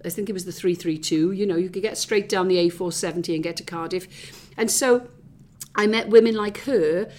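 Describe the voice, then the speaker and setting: A woman's voice: on the low side, fairly quick, darkish tone. Chatty Welsh woman recalling her past. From South Wales valleys. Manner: chatty, many fillers and restarts. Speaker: interview guest. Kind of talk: reflective conversational interview.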